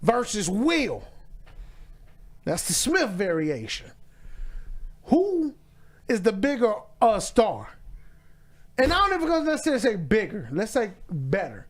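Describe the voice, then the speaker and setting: A man hosting a podcast, talking in animated, joking, profane banter. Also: sits high, a little slow, long pauses. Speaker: podcast host. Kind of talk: casual chat.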